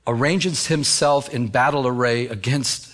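A man's voice: medium pitch, a little slow, fairly bright tone. A man preaching a sermon as pastor, with many restarts, who acts out the voices he quotes.

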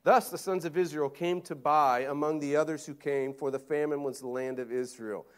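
A male pastor preaching conversationally, acting out Bible voices with lively emphasis. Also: on the high side, moderate pace. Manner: animated, conversational, acts out quotes. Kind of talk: sermon.

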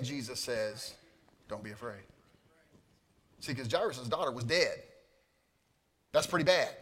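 A middle-aged man preaching a sermon in a conversational way, dropping to quiet asides and rising to loud peaks. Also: a little high. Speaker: pastor. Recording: long hall reverb.

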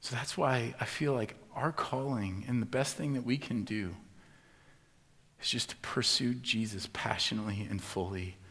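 A pastor preaches a sermon, acting out the voices of people he quotes and swinging between loud and hushed. His voice is husky and medium-pitched, at normal speed.

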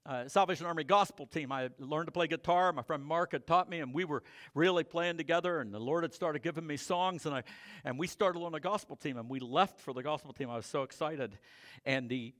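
Bright-voiced preacher man, emphatic. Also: on the high side, fairly quick. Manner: swings from loud emphatic preaching to quiet confessional storytelling. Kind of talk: sermon with personal testimony.

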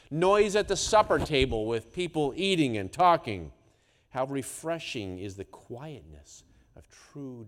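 Preacher man in a reverberant hall. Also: a little high. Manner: dramatic, swings between hushed and loud. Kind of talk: sermon.

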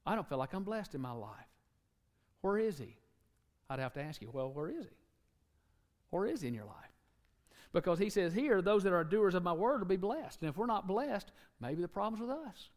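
A man preaching a sermon, animated, acting out quotes and joking with the congregation. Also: high voice, fairly quick, big-room sound.

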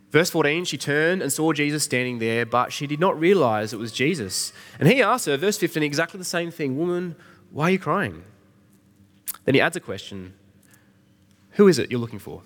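Man, middle-aged, sermon, conversational, lively pitch. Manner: conversational, asks the congregation questions. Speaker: pastor. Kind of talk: Easter sermon.

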